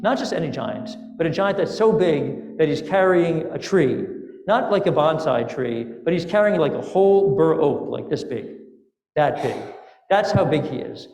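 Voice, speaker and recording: A rabbi telling a fairy tale during a holiday sermon, playful and lively, with asides to the congregation. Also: male voice, a little high, normal speed. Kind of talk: sermon storytelling. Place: synagogue sanctuary. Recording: echoey sanctuary with long reverb.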